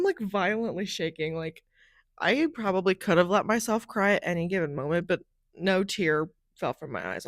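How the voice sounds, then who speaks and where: A young woman hosting a podcast, telling a personal story in a chatty, animated way, often saying "like", on a close microphone. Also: medium pitch, no room sound. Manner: animated, chatty, heavy use of "like". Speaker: podcast host.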